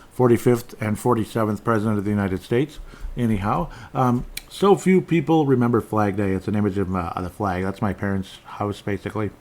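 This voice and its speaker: A man with a somewhat low voice talks through news items on his own show. He rambles, trips over his words and restarts, and drops dry, sarcastic remarks between points. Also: darkish tone. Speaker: podcast host. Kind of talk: casual solo commentary on headlines and chat comments.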